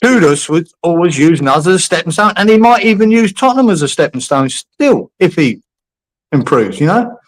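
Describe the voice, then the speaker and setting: A male host chats about football in a plain, matter-of-fact way and swears now and then. His voice sits a little high for a man. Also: very animated, a little fast, poor audio. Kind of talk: casual live chat.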